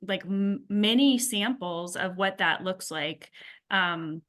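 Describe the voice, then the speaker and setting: A woman's voice: medium pitch, takes it slowly, a bit bright. A middle-aged woman from a school speaking conversationally to parents at a workshop, with many fillers and restarts. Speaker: school staff member.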